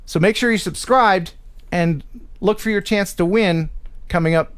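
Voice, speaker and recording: A man's voice: sits high, a bit bright, smooth. Upbeat man hosting a live show. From United States. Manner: upbeat, chatty, quick to laugh. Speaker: host of a live drone show. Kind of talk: casual live-stream chat.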